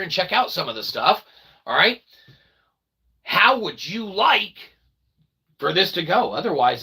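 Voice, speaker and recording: A man hosting his own vlog, chatting casually and rambling, joking and breaking into loud exclamations. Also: a little high, vocal fry, breathy edge. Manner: animated, jokey, bursts of loud exclaiming. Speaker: independent developer and channel host.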